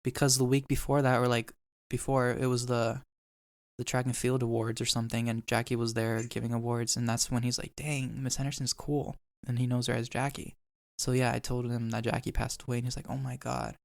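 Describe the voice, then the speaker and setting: A young man tells a painful memory in casual podcast chat, quoting people and swearing as he goes. His voice is smooth and clear, with little rise and fall. The recording is dry and close. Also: medium pitch, completely flat delivery, a little fast, no room sound. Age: young adult. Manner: emotional storytelling, swears, quotes people. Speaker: podcast host.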